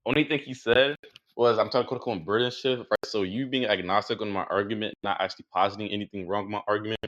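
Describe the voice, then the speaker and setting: A young man's fast, bright, cutting voice tears into an opponent in a heated voice-chat debate, insulting him without pause. The sound is dry and close, with dull, lo-fi voice-chat quality. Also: on the low side, fairly even intonation, dry recording. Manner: aggressive, insulting, rapid-fire ranting. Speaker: online debater.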